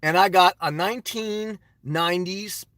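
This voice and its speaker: A man's voice: sits high, a little slow, fairly bright tone, dry recording. A man livestreaming from inside his car, giving a joking mock-solemn presidential address and laughing often.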